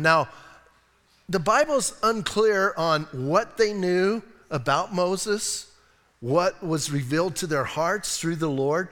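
A pastor with an American accent and a voice that sits high gives a sermon in a church sanctuary, the audio carrying a big-room sound. Jokes and asides pepper his lively stories.

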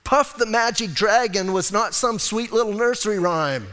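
Lively male pastor preaching in a reverberant hall. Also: sits high, moderate pace. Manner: animated, conversational preaching with acted-out dialogue. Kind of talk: sermon.

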